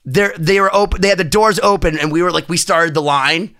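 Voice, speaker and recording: A man co-hosting a casual podcast, telling stories with excited, rambling energy. His voice is high for a man, and it has a bright, forward edge. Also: brisk. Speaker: podcast co-host.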